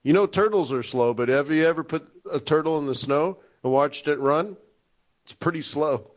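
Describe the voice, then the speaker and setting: A man's voice: a little high, normal speed. A man in his forties hosting a live trading webinar, joking and laughing at his own jokes. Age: 40s. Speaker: forex webinar host.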